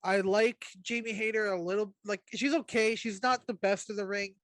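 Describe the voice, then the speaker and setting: A man's voice: sits high, steady tone, moderate pace, a bit bright, no room sound. A young man co-hosting a casual wrestling podcast, talking loosely with hesitations and the odd curse. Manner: casual, hesitant with fillers, swears. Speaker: podcast co-host.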